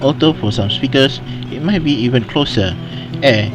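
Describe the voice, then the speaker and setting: A man's voice: mid-range voice, moderate pace, music in the background. A man student presenting class material hesitantly, correcting himself as he goes.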